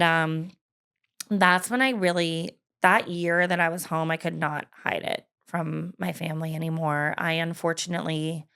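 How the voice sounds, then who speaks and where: A woman's voice: on the low side, a bit bright, smooth. A woman in her thirties telling her personal story in an interview, candid and hesitant, with frequent fillers and laughs. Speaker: guest.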